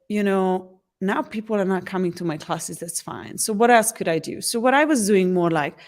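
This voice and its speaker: A woman speaks, mid-pitched and earnest, telling an interviewer about her coaching work. She often restarts her phrases and slips into small acted quotes. The delivery is conversational and unhurried. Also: darkish tone. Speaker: empowerment coach.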